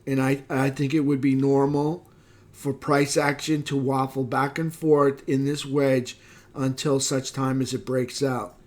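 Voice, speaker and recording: A slightly hoarse man giving a casual market recap, thinking aloud with fillers and quick self-corrections. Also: medium pitch, level tone. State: slightly hoarse, losing his voice. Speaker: market analyst. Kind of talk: screen-share market recap.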